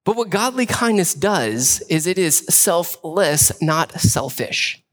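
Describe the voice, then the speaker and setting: Pastor, thirties, relaxed conversational sermon with bursts of animation. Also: male voice, sits high. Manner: conversational, animated preaching with quick asides.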